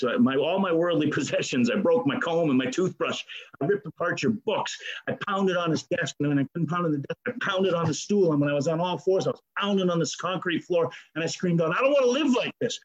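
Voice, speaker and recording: A man's voice: medium pitch, muffled recording. A man giving an earnest, emotional personal testimony at a recovery meeting. He often stammers and restarts his sentences and swears casually. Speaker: speaker sharing a recovery story.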